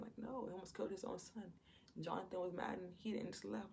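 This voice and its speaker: A woman's voice: medium pitch, fairly even intonation, fast, vocal fry, darkish tone, a little hiss or hum. A woman giving an informal Bible teaching in a conversational way, retelling scripture stories and acting out what the people in them say. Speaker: Christian preacher.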